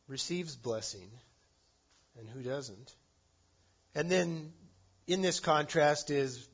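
A man preaching a sermon, earnest, rising to loud emphasis and dropping to soft endings. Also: on the high side, husky, muffled recording. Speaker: pastor.

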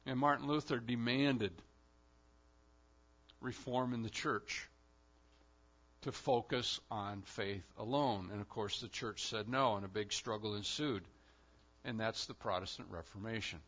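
A man preaching a sermon as pastor, in an emphatic style with sudden loud swells. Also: lowish voice, fairly even intonation, measured pace, pauses often, lo-fi sound.

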